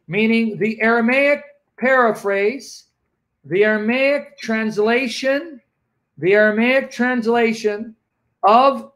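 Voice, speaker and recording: A man speaking as a guest apologist on a livestream, teaching emphatically and slowing down to repeat key phrases. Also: extremely high pitch, a bit bright.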